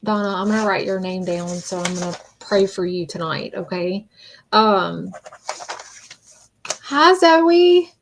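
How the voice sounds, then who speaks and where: A woman hosting a casual livestream, talking in a halting, rambling way and greeting viewers by name. She is emotional and close to tears. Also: fairly low pitch, fairly even intonation, a little hiss or hum. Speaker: livestream host.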